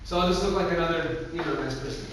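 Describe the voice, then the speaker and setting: A young man with a fairly high voice gives a relaxed religious talk, telling stories and acting out what people said. His voice comes from far off in a large hall with a long, heavy echo. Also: fast, slight background noise. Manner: casual, filler-heavy, acts out quoted voices. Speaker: youth speaker. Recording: echoey hall recorded from far off.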